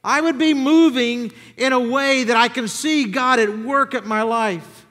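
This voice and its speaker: A man's voice: very high-pitched, a little slow, sharp tone. A man preaching a conversational sermon as pastor, asking his congregation questions. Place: church sanctuary. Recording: church hall with long reverb.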